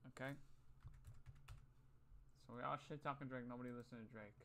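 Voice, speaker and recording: A man's voice: medium pitch, steady tone, very fast, creaky, sharp tone, slight background noise. A young man vlogging in a casual, rambling, profane monologue, often muttering to himself.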